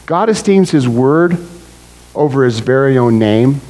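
A middle-aged man preaching a conversational sermon, animated and full of "right?" asides. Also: medium pitch, measured pace, poor audio.

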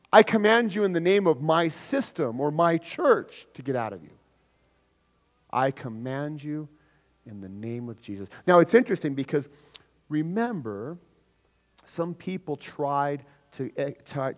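Lively preaching man in reverberant hall. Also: moderate pace. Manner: dynamic preaching, swings from loud emphatic to low quiet. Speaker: pastor. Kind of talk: sermon.

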